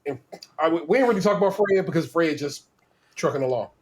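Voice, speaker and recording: A man's voice: on the high side, expressive, fairly quick. A man hosting a podcast in casual chat, laid-back and slangy, swearing freely and laughing often. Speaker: podcast host.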